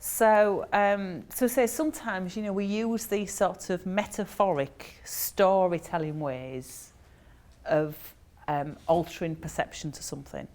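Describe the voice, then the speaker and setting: A woman's voice: on the low side, a little slow, a little mellow. Chatty woman telling a story. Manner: chatty anecdotal delivery with frequent ums. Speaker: therapist. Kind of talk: storytelling talk to an audience.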